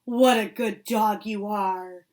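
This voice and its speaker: A woman voicing a kind, patient older male professor in a storybook reading, giving his puppy gentle but firm commands and cooing praise. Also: medium pitch, steady tone, slow pace, close to an everyday voice.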